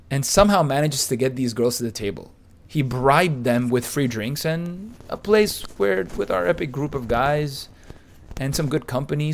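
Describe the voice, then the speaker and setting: A man narrating a podcast story from a script, with a boastful, pumped-up delivery. He leans on crude slang and gets louder at the exciting parts. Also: fairly high pitch. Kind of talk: reading a first-person anecdote aloud.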